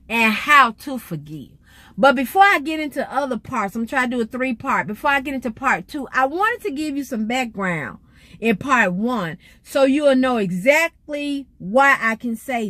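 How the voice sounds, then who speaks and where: A woman's voice: a little high, pushed and bright, no echo. A middle-aged woman, giving an emphatic, preacherly faith testimony to her vlog audience. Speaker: vlogger.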